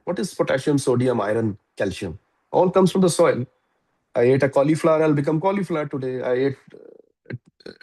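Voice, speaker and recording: A man in his fifties with an Indian English accent, giving a lively, chuckling motivational talk to students. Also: mid-range voice, rough recording. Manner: animated, chuckling storyteller. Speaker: guest speaker.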